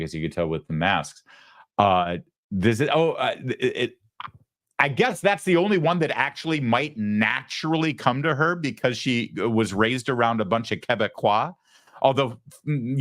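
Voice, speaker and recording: A man's voice: on the low side, a bit bright, no echo, studio quality. A man hosting a political talk show, sarcastic and mocking as he comments. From United States. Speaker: host.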